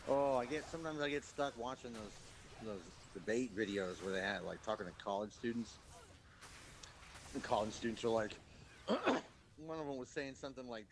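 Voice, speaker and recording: A man's voice: mid-range voice, expressive, moderate pace, background noise. A man chatting casually over a game, rambling with lots of fillers and frequent laughs. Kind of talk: casual chat while gaming.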